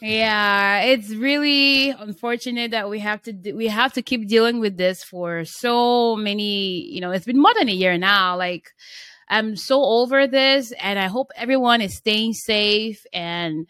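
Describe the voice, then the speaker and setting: A woman hosting a casual podcast, talking in an animated, teasing way and laughing easily. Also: mid-range voice, measured pace, clear, resonant tone, no echo, studio quality. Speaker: podcast host.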